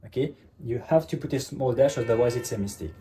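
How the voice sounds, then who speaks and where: A male teacher giving a lesson, who says "ok" after nearly every phrase and spells out slow, emphatic examples. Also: medium pitch, warm tone, a little hiss or hum. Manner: repeats "ok" constantly, checks understanding, slow emphatic examples. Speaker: French teacher. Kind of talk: classroom lesson explanation.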